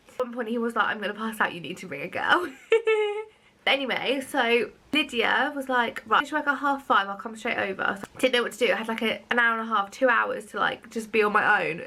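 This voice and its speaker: A young Englishwoman chatting straight to camera in a vlog, laughing through her story. Her voice sits a little high and comes across bright and lively. She talks in quick, breathless bursts. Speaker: vlogger.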